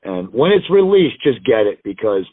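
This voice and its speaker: A man guesting on a wrestling show tells rambling, profane road stories in a casual interview, acting out other people's lines in a sing-song, medium-pitched voice at a moderate pace. The call audio is tinny, phone-line quality and dry, with a little hiss or hum.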